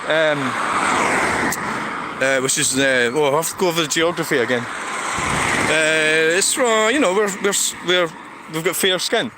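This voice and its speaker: A Scottish man rambles and swears on a casual walking livestream and talks back to his chat as he goes. His voice sits a little high for a man. He is recorded on a phone out on the street, with clear traffic noise behind him. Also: a little slow, pauses often. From Scotland. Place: outdoors on a town street.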